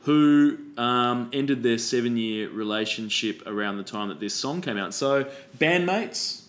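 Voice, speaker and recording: A man's voice: medium pitch, measured pace, fairly bright tone. A man, co-hosting a casual chat, telling stories in a jokey, sweary way. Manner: swearing, jokey storyteller acting out scenes. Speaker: podcast co-host.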